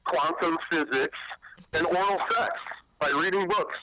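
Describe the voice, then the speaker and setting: A man's voice: a little high, a little slow, very noisy. Joking, rambling male caller. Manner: joking, rambling, self-mocking. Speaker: caller and cannabis activist. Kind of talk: casual call-in chat.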